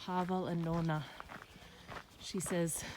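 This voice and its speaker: A woman's voice: lowish voice, a little slow, noisy background. A woman chatting upbeat and easily into a handheld phone while walking outdoors on a rural trail, laughing easily. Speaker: vlogger on a long-distance walk. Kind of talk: casual travel vlog.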